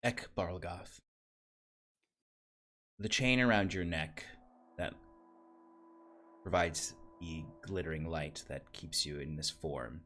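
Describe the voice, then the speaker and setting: A man's voice: low voice, takes it slowly, pauses often, bright, forceful tone, a little hiss or hum. A man narrating a tabletop game as game master, describing scenes with many fillers. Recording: faint music behind.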